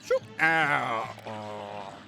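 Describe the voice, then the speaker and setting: A man streaming a video game live, thanking viewers and talking through his tactics, with frequent swearing and excited outbursts. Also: fairly low pitch, extremely slow, vocal fry, soft background music. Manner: excitable, swears often, thinks aloud about tactics. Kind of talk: live gameplay commentary.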